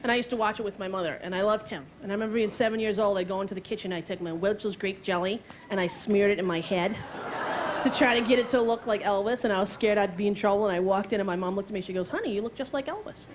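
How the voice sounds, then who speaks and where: A woman's voice: medium pitch, steady tone, fast, rough recording. A woman doing a brash stand-up comedy routine on stage, telling stories and slipping into character voices. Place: comedy stage with live audience. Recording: live crowd and noise.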